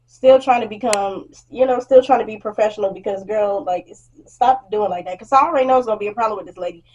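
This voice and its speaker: A young woman vlogger telling a blunt, animated storytime rant about work, acting out what customers said and swearing freely. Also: mid-range voice, fast, lo-fi sound, a little hiss or hum.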